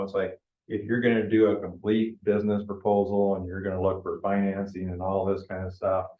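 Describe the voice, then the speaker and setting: This low-sitting male voice belongs to a presenter giving an informal, conversational lecture at a business planning workshop. He frequently checks in with the live audience in the meeting room, captured in an echoey lo-fi room recording.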